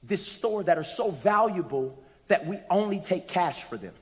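A man voicing a calm, polite shop clerk woman. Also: high-pitched, normal speed. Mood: politely firm. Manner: calm, apologetic, firm. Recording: echoey hall.

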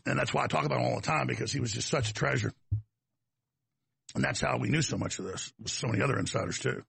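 A man's voice: medium pitch, fast talker, creaky, a bit bright, breathy edge, no room sound. A man with a Texas accent delivering a combative, emphatic talk-show monologue to his audience.

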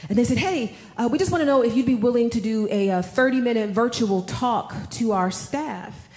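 A woman preaching a sermon, telling a personal story with animated delivery and calling the audience y'all. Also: fairly high pitch, normal speed, echoey room.

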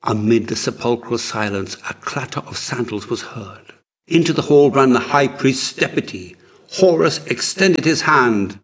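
A man narrating a story as an audiobook in a measured, dramatic manner. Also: medium pitch, expressive, fairly bright tone, slightly rough.

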